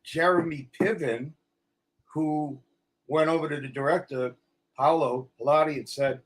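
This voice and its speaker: Animated middle-aged New man. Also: a little high, unhurried. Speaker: actor guest. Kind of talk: casual interview chat.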